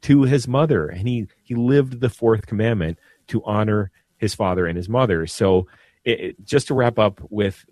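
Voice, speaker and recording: An earnest priest talks on a radio program, his voice set a bit low. He speaks slowly and repeats words as he gathers his thoughts. The studio sound is close and dry. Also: darkish tone, no echo. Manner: earnest, slow, repeats words when searching. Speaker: priest guest. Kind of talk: radio talk on devotion. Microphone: studio mic.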